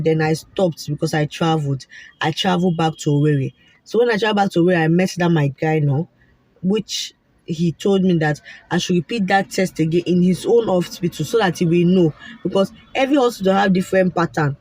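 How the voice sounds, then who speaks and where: Husky Nigerian woman telling her story. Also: lowish voice, a little fast, no echo. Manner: animated and repetitive, slipping into Pidgin asides. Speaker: vlogger sharing a fertility story. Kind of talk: casual personal storytelling.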